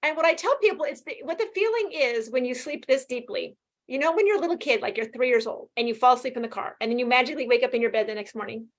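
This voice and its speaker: A woman in her fifties, a guest talking casually and quickly in an interview, animated and laughing often. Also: sits high. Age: 50s. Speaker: guest sharing her experience.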